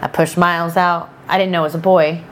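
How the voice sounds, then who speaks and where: Woman in her thirties, podcast guest, slightly low voice, lively storyteller, quotes people as she goes. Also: fairly quick, slight background noise. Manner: animated, chatty, quotes people often. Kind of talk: casual storytelling chat.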